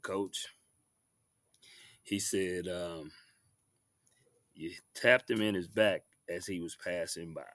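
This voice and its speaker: A man, a basketball coach telling animated stories as an interview guest and acting out the referees. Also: sits low, no echo, studio quality. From Texas. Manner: lively storyteller acting out referees and himself. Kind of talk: animated storytelling.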